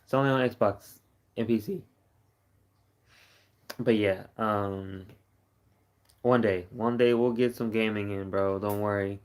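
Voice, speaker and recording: A man's voice: on the low side, fairly even intonation, slow, long pauses. A tired young man from Texas chatting casually on a late-night live stream, rambling and repeating himself.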